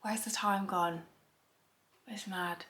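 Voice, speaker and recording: A woman's voice: mid-range voice, fairly even intonation, slow pace, fairly bright tone. A young woman, vlogging to camera in a rambling, chatty way, a little out of breath. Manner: chatty, rambling with fillers and restarts. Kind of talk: casual chat to camera.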